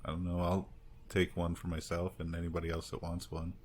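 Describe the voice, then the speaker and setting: A man's voice: low voice, monotone, brisk, a little mellow. A man playing a tabletop game, asking plain practical questions. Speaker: player. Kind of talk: casual tabletop game chat.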